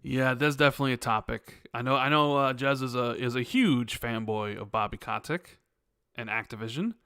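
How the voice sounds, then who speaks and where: A man's voice: mid-range voice, moderate pace, pushed and bright, clean tone, no room sound, studio quality. A man co-hosting a casual gaming podcast, reading out chat comments and joking around. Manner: jokey, self-deprecating. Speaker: podcast co-host.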